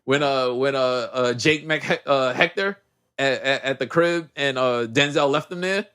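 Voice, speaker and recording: A man co-hosting a podcast, recapping a movie in casual chat with heavy slang and lively storytelling. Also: medium pitch, normal speed, clean tone. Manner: animated storyteller, heavy slang, acts out characters. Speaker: podcast co-host.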